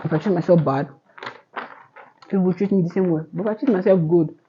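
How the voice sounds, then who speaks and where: A woman's voice: lowish voice, quick pace, lo-fi sound, a little hiss or hum. A young woman in her twenties giving earnest motivational advice to camera, rambling with restarts. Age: 20s. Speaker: vlogger. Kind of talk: casual motivational talk to camera.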